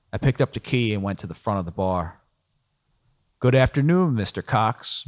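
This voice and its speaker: A man narrating a first-person audiobook in a dry, sardonic storytelling manner. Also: on the low side.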